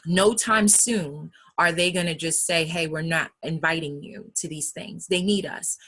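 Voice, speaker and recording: Candid New York woman, bright voice. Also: deep voice, a little slow, hardly any pauses, breathy edge. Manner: candid and emphatic. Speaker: public speaker. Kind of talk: casual advice talk.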